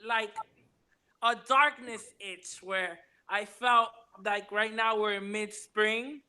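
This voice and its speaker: A woman talks casually on a livestream, wandering through her thoughts with plenty of ums and likes. Her voice is bright and forward. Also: medium pitch, steady tone, slow pace. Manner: rambling, many fillers. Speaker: panel guest.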